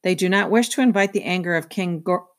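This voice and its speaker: A woman voicing a wise, stern old man in a read-aloud, speaking in measured, formal phrases. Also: on the low side, no echo, clean studio sound, natural voice.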